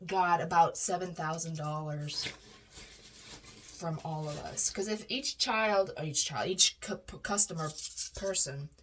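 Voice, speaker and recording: A woman's voice: sits low, a little slow, a little hiss or hum. A woman telling a personal story casually, rambling with frequent restarts and self-corrections.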